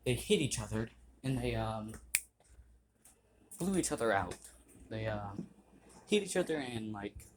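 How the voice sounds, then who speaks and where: A man retelling a fan story off the cuff, halting, with fillers and frequent throat-clearing. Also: on the low side, expressive. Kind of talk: improvised fan-fiction retelling. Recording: noisy home recording.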